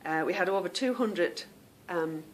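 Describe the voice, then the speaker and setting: A woman's voice: on the low side, animated, measured pace, slight background noise. Chatty rambling woman podcast host. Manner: chatty and rambling, stumbles over unfamiliar names. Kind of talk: casual chat to viewers.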